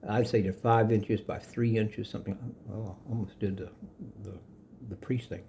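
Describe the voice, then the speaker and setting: A man's voice: on the low side, steady tone, normal speed, creaky, warm tone, a little hiss or hum. An older man giving a rambling, casual spoken lesson on yoga, chuckling often and correcting himself as he goes. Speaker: yoga teacher.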